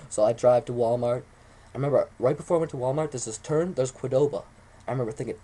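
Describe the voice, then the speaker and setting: Young man, rapid rambling storytelling, swears a lot, mellow tone, faint background hiss. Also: medium pitch. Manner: rambling, excitable, swears often. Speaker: vlogger. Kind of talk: casual storytelling to camera.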